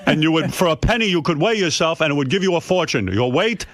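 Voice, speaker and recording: A man putting on his controlling elderly father's voice, lecturing indignantly in a raised, higher pitch. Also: expressive, quick pace, a bit bright.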